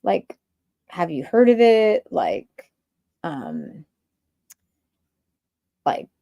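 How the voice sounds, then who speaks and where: A woman's voice: on the low side, wildly swooping pitch, drawn-out words, no echo, lo-fi sound. A woman hosting a livestream, ranting in a rambling stream-of-consciousness way with many filler words. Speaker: livestream host.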